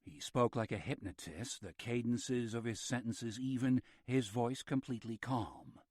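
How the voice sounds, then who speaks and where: A man reads a horror audiobook at a measured, steady pace with a mid-range voice. The recording is dry and close-miked, with no room around it. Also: medium pitch, no room sound. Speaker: audiobook narrator. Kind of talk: scripted narration.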